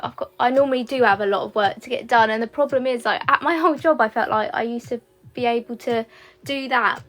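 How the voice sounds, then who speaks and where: A young woman with a fairly high voice chats away to her livestream viewers while doing her makeup. She rambles, fills her sentences with "um" and "like", and keeps it loose and friendly. Faint music plays in the background. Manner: chatty, rambling, with frequent fillers. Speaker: beauty content creator.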